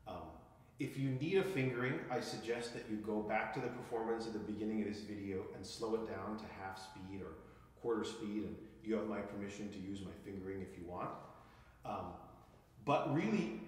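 A man's voice: fairly low pitch, normal speed, slight background noise. Man teaching viola in an echoey room. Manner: calls out counts and dynamics while demonstrating. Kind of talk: instructional music lesson. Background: viola playing.

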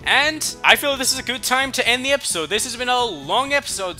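A man hosting a video game let's play, commenting in an excitable way with loud whoops. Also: extremely high pitch, fairly quick, faint music behind. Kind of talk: gameplay commentary.

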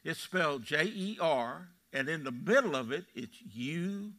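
With a fairly high, fairly bright voice and lively intonation, this pastor keeps a measured pace. He's a Texan in his eighties, preaching folksy stories in a church sanctuary and putting questions to his flock in his Texan accent.

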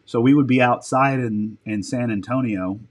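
Speaking at a moderate pace in a mid-range voice, a man who works as a military dog handler shares stories as a podcast guest. He rambles, swears casually and corrects himself partway through sentences in this casual interview.

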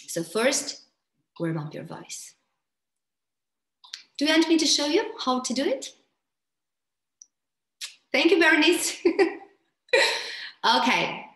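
Slow, deliberate woman coach in an echoey room. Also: on the high side. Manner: slow, deliberate and expressive, with playful vocal demonstrations. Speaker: voice coach presenter. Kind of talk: presentation to coaches. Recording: roomy echo.

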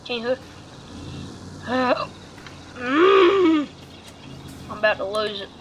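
A woman vlogging outdoors by a truck and trailer, rambling and halting with many fillers while she has the hiccups. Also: medium pitch, steady tone, fairly bright tone, highs cut off, slight background noise. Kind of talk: casual vlog narration.

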